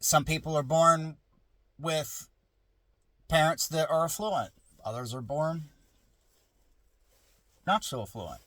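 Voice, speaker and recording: A man's voice: on the high side, slow pace, pauses often, bright, forceful tone, no echo. A middle-aged man vlogging from a parked car in his garage, musing in a rambling, casual way with restarts and asides.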